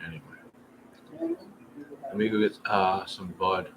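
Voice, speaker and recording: Against noisy room ambience, a man with a fairly low voice hosts a casual livestream at normal speed. He rambles and chats directly with his viewers.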